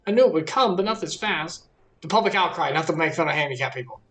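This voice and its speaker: Giggly woman streamer with lively pitch. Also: fast talker. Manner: giggly, playful. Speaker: streamer host. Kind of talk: casual game stream chat.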